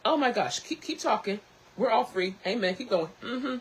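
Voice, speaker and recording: A woman hosting her own tea talk show, chatting casually to camera, lively and quick to laugh. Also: on the high side, slightly rough, low-quality recording.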